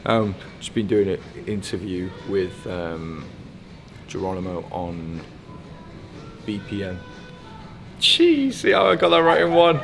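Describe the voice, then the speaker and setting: A man's voice: deep voice, a little slow, vocal fry, faint music behind. A man, a DJ chatting casually to camera on tour and telling stories with lots of laughs. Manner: animated storyteller, laughs often. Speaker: DJ vlogging his tour. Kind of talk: casual vlog chat. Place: city streets, hotel and venues on tour. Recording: roomy, noisy on-location sound.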